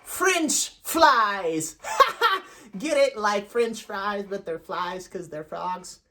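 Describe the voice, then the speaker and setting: A woman voicing a bookish worm puppet on a children's show, talking in a slow, drawling, deadpan way. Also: mid-range voice, exaggerated voice. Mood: joking.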